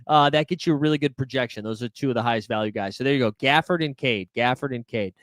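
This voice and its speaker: A man's voice: medium pitch, fast, a bit bright, no echo, clean studio sound. A man hosting a live fantasy sports stream, answering viewer questions in a chatty, laid-back and jokey way, with lots of filler words. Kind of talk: live-stream Q&A, casual chat.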